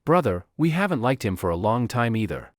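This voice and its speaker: A man voicing a quick-witted servant coaxing a guard in a friendly way. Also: medium pitch, sing-song, dry recording, clean studio sound, close to an everyday voice. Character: quick-witted smooth-talking male servant.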